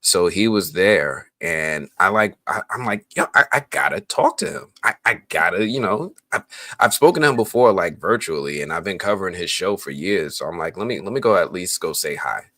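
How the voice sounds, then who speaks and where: A man, a film critic, telling a story in a relaxed, casual way. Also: deep voice, moderate pace, no echo. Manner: relaxed storytelling, laughs often. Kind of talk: casual chat.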